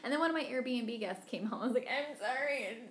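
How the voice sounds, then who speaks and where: Lively, gushing woman podcast host. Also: on the high side, quick pace, echoey room, a crowd in the background. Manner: animated, gushing, acts out quoted people. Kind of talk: casual chat.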